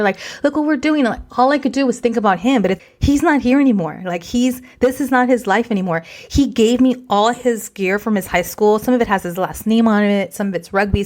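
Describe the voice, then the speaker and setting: A woman's voice: medium pitch, a little mellow. A woman in her forties, co-hosting a podcast, speaking candidly and emotionally and slipping Spanish phrases into her English. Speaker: podcast co-host. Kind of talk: emotional casual chat.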